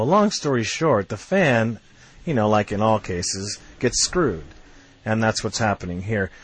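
A man's voice: medium pitch, dry recording. Heated, swearing man ranting. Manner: blunt, swears, gets heated. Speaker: fan commentator. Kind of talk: ranting video commentary.

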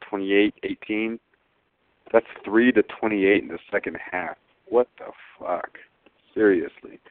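A man's voice: low voice, no echo. A man calling in to a fan show, frustrated and rambling with restarts, over a phone line. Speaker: caller.

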